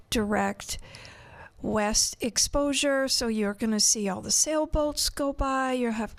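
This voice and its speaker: Slow-talking female real estate agent. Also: a little high. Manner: measured, informative sales talk. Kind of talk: radio interview.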